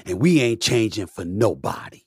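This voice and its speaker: A middle-aged man holds forth on his own podcast, his voice close and dry. He talks in an emphatic, repeating rhythm like a preacher, dropping to a low mutter and then climbing into loud, cussing outbursts. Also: sing-song, moderate pace, breathy edge, no echo. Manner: profane, repetitive, preacher-like cadence. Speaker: podcast host. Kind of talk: opinionated monologue.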